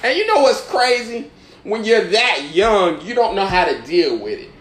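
A man's voice: sits high, normal speed, echoey room. A young man, a comedian, telling a story in casual chat and acting out the voices in it. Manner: animated storyteller, acts out voices in his stories. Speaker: comedian and podcast host.

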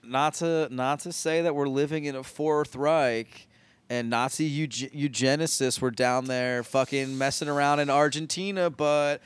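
A man's voice: mid-range voice, fairly even intonation, measured pace, clean tone. A man co-hosting a podcast in casual chat, joking crudely and rambling with lots of fillers. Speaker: podcast co-host.

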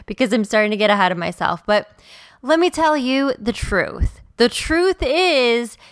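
Woman podcaster, excitable, rambling, smooth clear voice, dry close sound, slow unhurried delivery. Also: a little high, dry recording. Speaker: podcast host, stylist. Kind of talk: solo podcast monologue.

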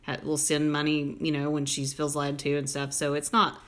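A woman, hosting a podcast and telling stories in a casual, animated way full of "like" fillers. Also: low voice, moderate pace. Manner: animated storyteller, many "like" fillers. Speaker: podcast host. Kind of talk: casual chat.

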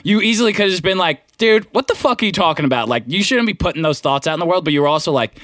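A man's voice: high voice, lively intonation, very fast, a bit bright, no echo, studio quality. A young man hosting a podcast in casual chat, laid-back and swearing freely, with "bro" and "dude" scattered through his talk. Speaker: podcast host.

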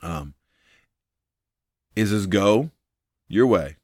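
Low-voiced man, earnest devotional talk. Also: lively intonation, drawn-out words, darkish tone, no room sound, studio quality. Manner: earnest, thinking aloud, many ums, repeats key points. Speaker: devotional video host. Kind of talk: informal devotional Bible teaching.

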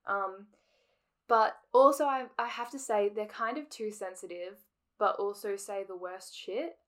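A woman's voice: mid-range voice, a little slow, fairly bright tone. A woman with an Australian accent co-hosting a podcast, chatting casually with frequent laughs and filler words. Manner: giggly, lots of "like" fillers. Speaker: podcast co-host. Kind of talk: casual chat.

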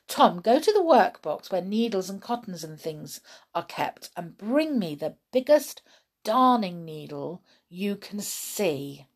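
A woman voicing a bossy, mischievous girl doll who gives brisk commands in a storybook reading. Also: medium pitch, sing-song. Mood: thoughtful.

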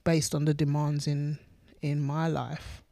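A woman with a low voice co-hosting a faith podcast. She talks earnestly and with emphasis, repeating words as she builds toward a point. The sound is dry and close. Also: flat delivery, unhurried, creaky, mellow, no room sound. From United Kingdom. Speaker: podcast co-host, pastor. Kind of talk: casual faith chat.

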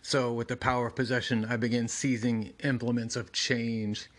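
A man's voice: medium pitch, level tone, moderate pace, a bit bright, natural voice. A man voicing an arrogant, menacing ancient horned demon god in a strained, growling monster voice, reading a comic aloud.

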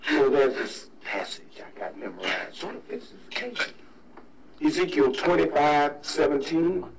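An actor playing an intense male hitman who shouts threats and recites scripture like a preacher, heard as a film clip played back from a distance. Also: fairly high pitch, expressive, normal speed, creaky. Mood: solemn preaching. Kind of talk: film dialogue.

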